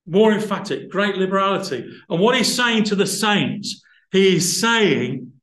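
A man's voice: sits high, lively intonation, a little slow, fairly bright tone. Man preaching a sermon in an echoey room. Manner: thoughtful, explains word roots, rises to emphatic passages.

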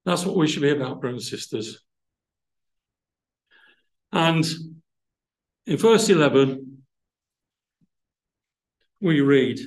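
A man's voice: a little high, expressive, slow, long pauses, echoey room, poor audio. A man preaching a sermon, explaining word roots thoughtfully and building to emphatic passages.

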